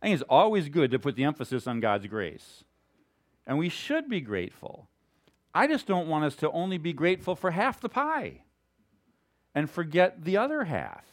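A man's voice: on the high side, huge pitch swings, moderate pace. A male pastor giving a conversational, emphatic sermon.

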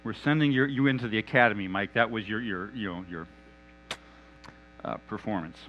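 A man preaching a sermon in an animated, conversational and humorous manner. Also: fairly low pitch, brisk, lo-fi sound, a little hiss or hum.

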